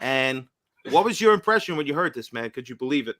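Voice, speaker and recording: A man hosting a podcast, loud and riled up, swearing as he rants and calls on his guests. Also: medium pitch, big pitch swings, fairly quick. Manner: loud, hyped and profane, ranting. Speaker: podcast host. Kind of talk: fired-up podcast talk.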